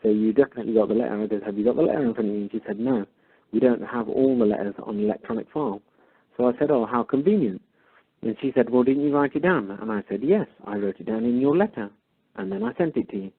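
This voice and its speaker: A man retelling a phone call, acting out both sides of the dialogue with animated emphasis. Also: mid-range voice, fast talker, creaky, breathy edge. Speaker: caller.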